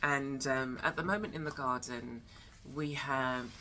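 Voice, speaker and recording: A woman's voice: very deep voice, fairly even intonation, unhurried, sharp tone, slight background noise. A woman hosting her own vlog, chatting loosely with many fillers as she walks from her home studio into the garden with a handheld camera. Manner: rambling, chatty, with many fillers and trailing thoughts. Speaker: host of an arts and wellness channel. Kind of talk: casual vlog chat.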